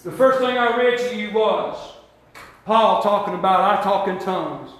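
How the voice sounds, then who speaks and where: A male pastor preaching a sermon, repeating words and building to shouts. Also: high-pitched, normal speed. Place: church sanctuary. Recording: very echoey church hall.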